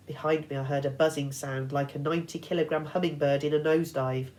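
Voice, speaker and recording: A woman teacher reading a novel aloud to her class with expressive storytelling. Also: deep voice, fast talker, hardly any pauses, low-quality recording.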